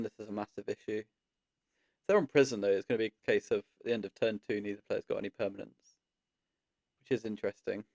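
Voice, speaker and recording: A man with a gravelly, rather low voice narrates his card game as he plays. He thinks out loud in a loose, unhurried way, stopping often to weigh his options. The sound is close and dry. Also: no echo. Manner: thinks aloud, relaxed, frequent ums. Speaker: card game content creator. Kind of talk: casual gameplay commentary.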